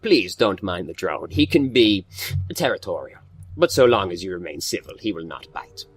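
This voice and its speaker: A man's voice: fairly low pitch, expressive, normal speed. A man voicing a cultured, courteous male engineer from a video game, speaking in a polite, pleasant way. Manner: polite and pleasant, read aloud.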